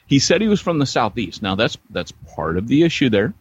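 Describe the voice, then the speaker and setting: An American man co-hosting a podcast, telling stories in casual chat with a joking, animated manner. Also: mid-range voice, a little fast, muffled recording, a little hiss or hum. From United States. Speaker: podcast co-host. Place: San Diego area.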